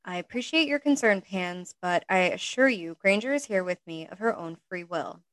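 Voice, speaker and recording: A woman's voice: lowish voice, lively intonation, normal speed, close to an everyday voice, low-quality recording. A woman reading a story aloud and voicing a self-assured young man who speaks in an amused drawl.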